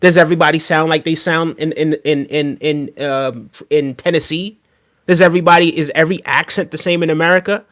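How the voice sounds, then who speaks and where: A man with a fairly high voice talks on a livestream, reacting to a clip and answering his chat. He presses his points emphatically and keeps tagging them with "right?". His delivery is loose and conversational. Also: steady tone, brisk, a bit bright. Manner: emphatic, repeats "right?" often. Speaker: streamer reacting to video. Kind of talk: casual livestream reaction commentary.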